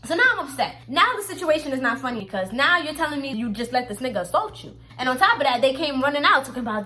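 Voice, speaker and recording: A woman's voice: high-pitched, sing-song, fast talker, hardly any pauses, pushed and bright. A young woman vlogger telling a storytime to her viewers in a blunt, profane, emphatic way, speaking right to them. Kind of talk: casual storytelling to camera.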